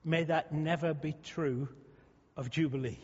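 A man's voice: on the high side, steady tone, unhurried, husky. A male pastor preaching a sermon in a conversational way, often restarting and repeating words. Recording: muffled sound with long hall reverb.

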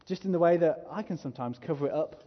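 Husky man preaching in a reverberant hall. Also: on the high side, fast, lo-fi sound. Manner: earnest, rising to emphatic preaching. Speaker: pastor. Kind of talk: sermon. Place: church hall.

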